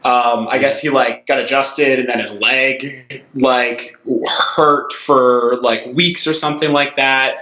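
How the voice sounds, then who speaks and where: A man co-hosting a podcast in a loose, rambling way, full of fillers. His voice is bright and sharp. The room echoes and the sound is dull and lo-fi. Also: medium pitch, steady tone, slow. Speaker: podcast co-host. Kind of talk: casual podcast chat.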